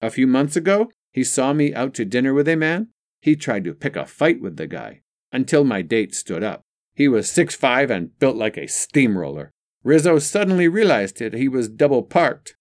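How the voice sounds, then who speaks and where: Frank, wry young mother, voiced by a male narrator; plain-spoken, lively. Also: mid-range voice, moderate pace, voice pushed up, close to an everyday voice.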